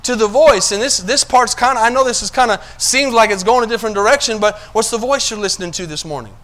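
Talking fast in a high voice, a male pastor delivers a sermon while checking that the congregation keeps up. He swings between quiet asides and loud, emphatic bursts.

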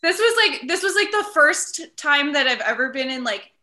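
A woman's voice: sits high, expressive, moderate pace, bright, forceful tone. A young woman from the Chicago suburbs, a Pilates instructor guesting on a podcast, telling a personal story in a chatty way full of "like". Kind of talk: casual podcast chat.

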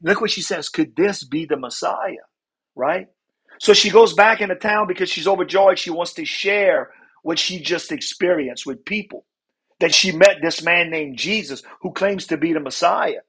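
A man teaching a Bible lesson. He reads scripture slowly, then explains it conversationally and often asks "right?" to check in with listeners. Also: sits high, fairly bright tone, husky.

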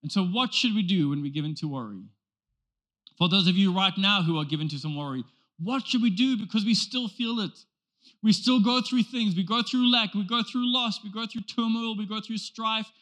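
Speaking at a moderate pace, this male pastor preaches with emphasis in a bright, forceful, high-pitched voice. Rhetorical questions and repetition carry his sermon forward.

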